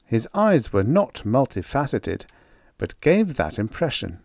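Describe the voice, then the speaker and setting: A man narrating a science fiction short story as an audiobook, reading slowly and deliberately. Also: medium pitch, very animated, gravelly, a little mellow, no echo, clean studio sound. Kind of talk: scripted narration.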